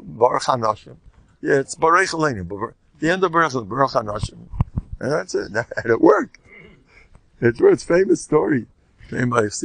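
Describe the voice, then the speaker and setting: A man's voice: mid-range voice, no echo. An older man, a rabbi, giving a Torah class in a storytelling style, jumping between stories and acting out the people he quotes. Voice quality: gravelly, husky. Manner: animated, acts out quoted speakers, jumps between stories.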